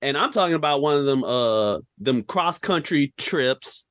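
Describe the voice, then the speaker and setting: Animated ranting man, very lively pitch. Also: a little slow, smooth, no echo, studio quality. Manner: animated, ranting, rhetorical questions, slang-heavy. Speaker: podcast co-host. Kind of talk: casual film-review rant.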